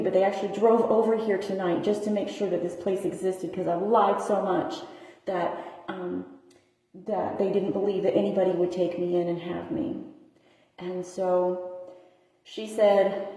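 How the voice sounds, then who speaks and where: A woman's voice: mid-range voice, fairly even intonation, normal speed, dark tone. Earnest woman in an echoey bathroom. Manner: earnest, tearful, preachy. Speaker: shelter worker. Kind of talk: emotional personal testimony. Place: bathroom of a homeless shelter.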